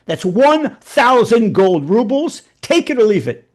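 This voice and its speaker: A man's voice: high voice, sing-song, a little slow, voice pushed up, full character voice. A man voicing a male governor bargaining firmly over a price. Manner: firm, bargaining. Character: haggling male governor making a final offer.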